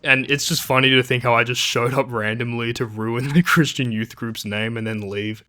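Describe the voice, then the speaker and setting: A man narrating a documentary about early internet trolls, telling it with wry, animated asides. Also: mid-range voice, moderate pace.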